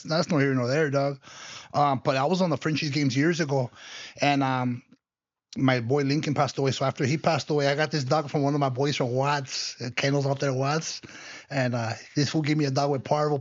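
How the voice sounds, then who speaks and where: A man's voice: fairly high pitch, highs cut off. A man talking as a podcast guest in casual chat, full of street slang, dropping Spanish words and calling everyone "dog.". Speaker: podcast guest, business owner.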